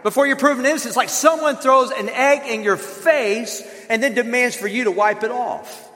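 Male pastor, high bright voice, earnest sermon delivery, large reverberant hall. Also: moderate pace. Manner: earnest, conversational preaching with acted examples.

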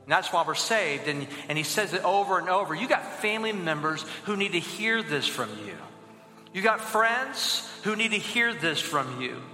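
In a church auditorium with long, echoing reverb, a young pastor preaches and leads his congregation in call-and-response. His voice is high and sharp, expressive, at normal speed, with faint music playing behind him.

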